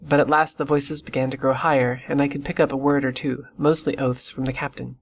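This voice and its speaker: A man reading an audiobook in steady, measured scripted narration. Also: medium pitch. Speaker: audiobook reader.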